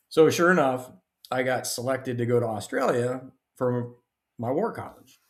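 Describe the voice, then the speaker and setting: A middle-aged man, a guest author and retired army officer, telling stories in a lively, casual way. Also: mid-range voice, normal speed. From United States. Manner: animated storyteller, acts out dialogue. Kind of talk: casual storytelling interview. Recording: roomy echo.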